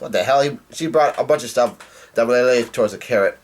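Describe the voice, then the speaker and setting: A man walks through a comic chapter out loud in a loose, casual way. He stumbles and restarts often and drops blunt asides between the lines. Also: medium pitch, fairly quick. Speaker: comic reader and reviewer.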